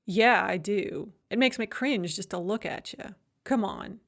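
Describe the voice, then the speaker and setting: A woman voicing a blunt, caring female friend who talks in a brisk, gruff, clipped way. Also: medium pitch.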